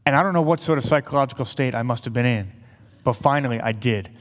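A man's voice: mid-range voice, quick pace. Earnest man preaching in a reverberant hall. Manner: earnest, with light humorous asides. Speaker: speaker to an audience. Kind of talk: sermon with personal storytelling.

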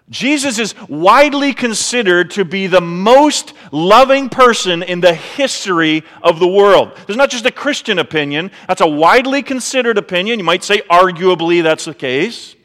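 A man's voice: high-pitched, expressive, moderate pace, fairly bright tone, in a large hall. A man pastor preaching a sermon in a conversational way, full of rhetorical questions, in a church sanctuary.

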